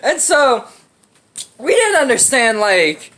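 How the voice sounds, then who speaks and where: High, animated young woman storyteller. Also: slow pace. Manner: profane, rambling, lots of fillers like "right?" and "you know"; acts out quoted lines in shifted voices. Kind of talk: casual storytime vlog.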